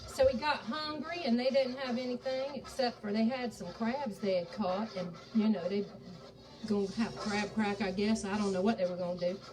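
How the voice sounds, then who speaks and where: Cooking live in a home kitchen, this cooking show host from Charleston, South Carolina talks to her viewers in a folksy Southern American accent. Her mid-range voice holds a steady tone at normal speed, but the audio is poor, captured from a distance and slightly off-mic, with faint background music.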